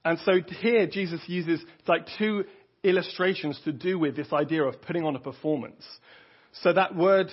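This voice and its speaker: Brief: male preacher, earnest and conversational, somewhat high, husky voice, dull lo-fi recording. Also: moderate pace. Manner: earnest, conversational, with frequent restarts. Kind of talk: sermon. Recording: dull lo-fi audio.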